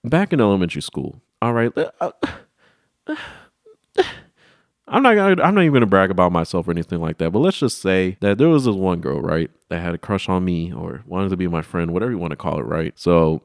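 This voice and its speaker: Low-voiced man telling a crude story. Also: fairly quick, no echo, studio quality. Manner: profane, animated, rambling. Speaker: vlogger. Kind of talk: comedic storytelling.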